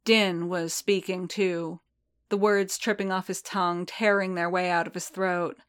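Woman narrator, storybook reading, measured, unhurried, level intonation, lower voice. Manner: slow, measured, even reading. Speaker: audiobook narrator.

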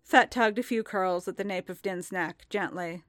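A woman's voice: lowish voice, moderate pace, hardly any pauses, a bit bright, dry recording. Woman narrating a story, dry close sound. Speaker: reader. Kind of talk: narrating fan fiction aloud.

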